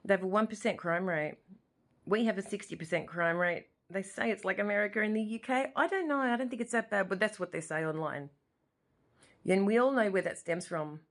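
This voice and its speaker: Talking fairly quickly in a mid-range voice, a forties-aged Australian woman vlogs from her living room. Her emotional monologue to camera is passionate and rambling, and she repeats herself a lot.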